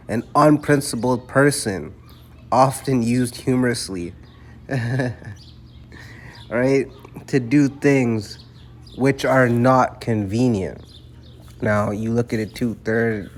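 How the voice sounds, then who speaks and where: A man giving profane religious commentary, preaching emphatically and peppering it with rhetorical "right?" and "man". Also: medium pitch. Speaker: online commentator.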